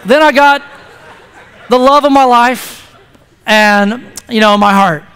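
A man in his thirties preaching from the stage of a church sanctuary. His voice sits very high and comes across smooth and resonant, and each line trails into a long hall reverb. He talks in a loose, playful way and stumbles over repeated words as he gets going. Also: slow, sharp tone, some chatter behind. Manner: chatty, playful, repeats words when starting sentences. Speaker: pastor. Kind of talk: sermon.

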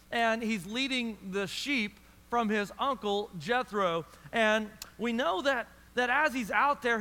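A man's voice: very high-pitched, sharp tone. A man preaching a sermon to a church audience, in a conversational style with frequent restarts. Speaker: pastor. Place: large church hall. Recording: long hall reverb.

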